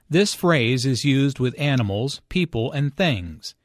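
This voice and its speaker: A man reading a scripted English lesson, explaining phrases in a careful, clearly enunciated way. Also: medium pitch, expressive, slow, dry recording, clean studio sound. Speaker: English teacher and dialogue reader. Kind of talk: scripted language lesson narration.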